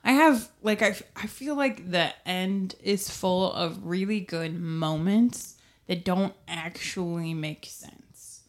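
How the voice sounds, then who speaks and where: With a lowish, slow voice, a young woman podcast host chats about a book into her mic. The talk is casual, full of laughter and mocking renditions of the characters.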